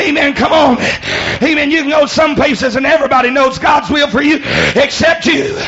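A man preaching a shouted sermon in church, whooping and calling on the congregation to respond. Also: very high voice, fairly even intonation, normal speed, muffled recording. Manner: hollers and whoops, calls for response. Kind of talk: shouted Pentecostal-style sermon with storytelling.

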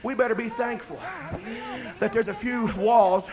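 An older man preaching a sermon, swinging between loud shouting and quiet talk. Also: very high voice, fairly even intonation, unhurried, noisy background. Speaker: pastor.

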